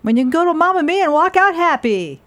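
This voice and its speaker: A woman's voice: very high voice, very animated, fast, a bit bright, no room sound. A woman co-hosting a morning radio show, bubbly and teasing, who sings along with songs. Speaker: radio co-host. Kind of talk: playful morning radio banter.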